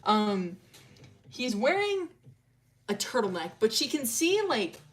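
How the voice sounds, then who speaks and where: A woman's voice: fairly high pitch, very animated, slow pace. A young woman streamer casually retelling a story, rambling, swearing and full of fillers.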